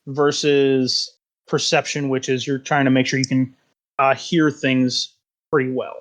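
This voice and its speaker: A man's voice: mid-range voice, flat delivery, unhurried. A man running a tabletop game as game master, with a hesitant, filler-heavy way of talking.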